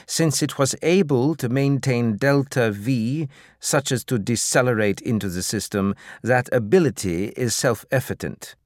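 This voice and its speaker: A man reading an audiobook, voicing an official briefing reporters in a raised, slow, emphatic voice. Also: medium pitch, no room sound, studio quality, pitched above the performer's own voice, lightly acted. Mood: grave.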